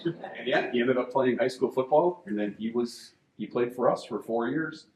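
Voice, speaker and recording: A man's voice: medium pitch, normal speed, slight background noise. Male moderator, easy anecdotal delivery, roomy echo. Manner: relaxed anecdotal storyteller. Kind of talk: storytelling. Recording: echoey room.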